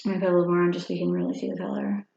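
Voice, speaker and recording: This makeup vlogger, a woman over fifty, talks very fast in a low, dark voice with a level tone, chatting casually and rambling to herself as she applies makeup. An echoey room and dull lo-fi quality color the recording.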